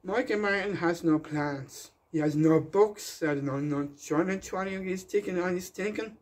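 A man's voice: sits high, normal speed. A man delivering a rambling, defiant rant in a slightly raised voice. He hammers his points and circles back to them with insistent emphasis.

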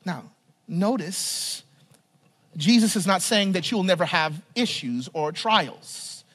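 A male pastor delivering a sermon, often pausing to ask the congregation to finish a phrase, repeating and restarting words, and swinging from emphatic to hushed. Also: high voice, lively intonation. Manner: asks the congregation to fill in words, frequent "right?"; stumbles and repeats words while talking freely.

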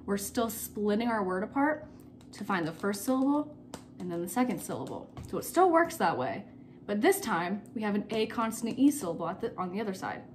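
A woman's voice: medium pitch, big pitch swings, a little hiss or hum. Patient woman teaching a phonics lesson. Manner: patient, repeats key words slowly. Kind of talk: recorded phonics lesson for children.

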